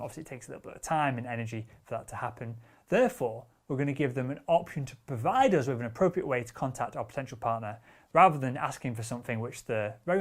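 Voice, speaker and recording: A man teaching sales techniques in a direct, assertive coaching manner, with casual wording and the odd curse word. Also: mid-range voice. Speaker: sales trainer. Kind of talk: instructional talk.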